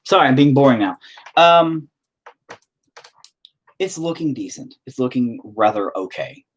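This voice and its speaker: A man's voice: mid-range voice, animated, measured pace. A man chatting casually while he paints, rambling, swearing often and talking to himself. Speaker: painting streamer.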